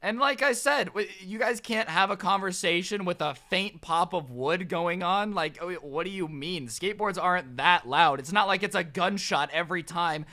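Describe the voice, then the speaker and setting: A young man telling a comedic story on his vlog in a sarcastic, animated way. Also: sits high, moderate pace, few pauses. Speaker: storytime vlogger.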